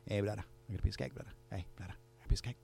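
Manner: rapid, breezy. A man doing a scruffy hungover guy. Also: fairly low pitch, creaky, dark tone, slight background noise.

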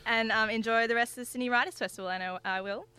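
A woman's voice: a little high, fairly even intonation, fast, a crowd in the background. A woman hosting a radio show, upbeat and polished as she wraps up an interview in the studio. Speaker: radio host.

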